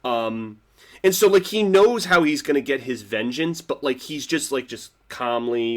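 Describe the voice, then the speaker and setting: Guy rambling through his tv episode review, tons of "like"s and restarts, gets worked up then goes quiet. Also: medium pitch, measured pace. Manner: rambling, full of "like" fillers and restarts; swings between excited and quiet. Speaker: TV show reviewer. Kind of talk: casual reaction review.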